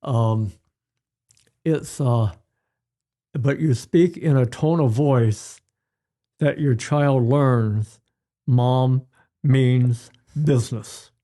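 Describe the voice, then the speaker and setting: An older man, a pediatrician guest, giving parenting advice in an unhurried storytelling way. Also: medium pitch, dark tone. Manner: unhurried, storytelling, acts out examples. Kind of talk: advice-giving interview chat.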